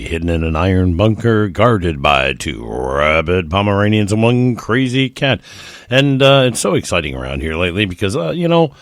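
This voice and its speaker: A man's voice: sits low, no room sound, clean studio sound. A middle-aged man hosting a casual solo podcast, rambling and chuckling with lots of fillers. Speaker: podcast host.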